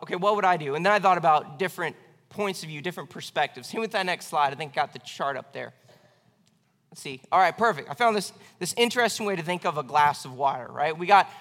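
A man's voice: on the high side, fairly bright tone, in a large hall. A man preaching a sermon as pastor, earnest and conversational, often restarting his phrases.

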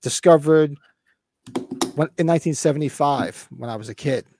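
A man's voice: on the high side, moderate pace, noisy background. A man in his fifties hosting a casual podcast, talking with rambling enthusiasm and swearing freely. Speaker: podcast host.

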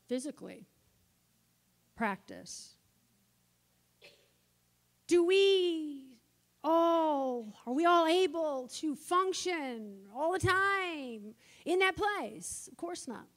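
A woman preaching a sermon, passionate at times and soft in her asides. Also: high-pitched, expressive, slow, long pauses. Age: older. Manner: impassioned, swings from shouting to soft asides.

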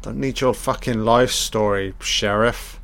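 A man's voice: fairly low pitch, fairly even intonation, unhurried, vocal fry, fairly bright tone. A man giving a casual watch-along film commentary, blunt and sarcastic, swearing constantly and dryly critiquing what he sees. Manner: dry running critique.

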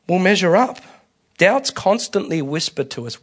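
A man preaching a conversational sermon, candid and colloquial, restarting phrases and swinging between soft and loud. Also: high voice, animated, moderate pace, husky. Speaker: pastor.

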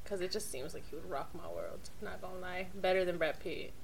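A woman's voice: on the low side, fairly even intonation, brisk, vocal fry, a little hiss or hum. A woman co-hosting a casual podcast chat, crude and swearing freely, laughing often. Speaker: podcast co-host. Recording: harsh, overloaded mic.

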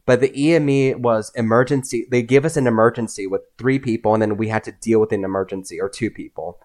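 A young man, a podcast guest, telling personal stories in a casual, animated way, often acting out what others said. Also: lowish voice, fast. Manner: animated, acts out voices in his anecdotes. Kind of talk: casual storytelling.

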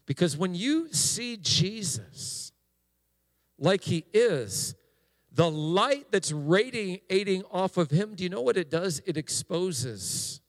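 Pastor guy preaching slow, bit high voice, stumbles then gets fired up. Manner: slow, halting delivery with restarts, rising to impassioned preaching. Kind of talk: sermon.

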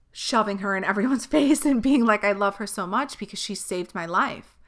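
A woman's voice: medium pitch, sharp tone. A young woman hosting a podcast, talking candidly and at length in a rambling, casual way, with frequent swearing. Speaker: podcast host. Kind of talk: personal monologue.

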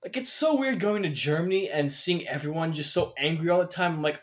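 A young man chatting with a friend, his voice sitting a little high. He rambles through his stories, leaning on fillers and loose asides. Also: a little fast, few pauses. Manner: rambling, filler-heavy storytelling. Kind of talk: casual chat.

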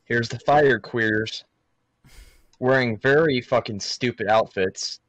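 A man's voice: mid-range voice, slow pace, fairly bright tone. A young man in casual, profane chat, reacting to a movie with mocking disbelief. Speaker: friend watching a movie, fan of the show.

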